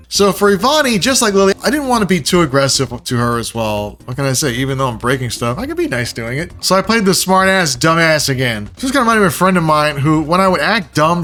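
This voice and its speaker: A man narrating his own video in a casual, self-mocking storytelling voice. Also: fairly high pitch. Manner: animated and self-mocking, jumps into playful quoted voices. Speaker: video creator.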